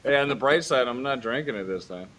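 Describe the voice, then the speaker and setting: A man's voice: medium pitch, lively intonation, quick pace, fairly bright tone, slight background noise. A man appearing as a guest on a casual chat, teasing the host.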